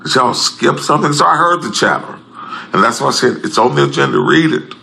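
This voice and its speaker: Man, impassioned speaker, bright tense tone, lively pitch swings, faint background hum. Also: fairly quick, creaky, breathy edge. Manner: emphatic and repetitive, swings between loud and low. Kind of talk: impassioned public address.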